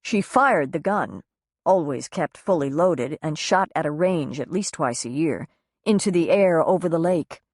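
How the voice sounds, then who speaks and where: A woman reading a novel aloud as an audiobook narrator, acting out the dialogue with raised pitch and force. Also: animated, a little slow, darkish tone, dry recording, clean studio sound. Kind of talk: scripted narration.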